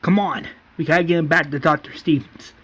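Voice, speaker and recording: A firm, decisive leader who lays down the rules, put on by a man. The voice stays close to the performer's own, direct and steady. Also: fairly high pitch, a little fast. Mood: stern. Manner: stern, decisive.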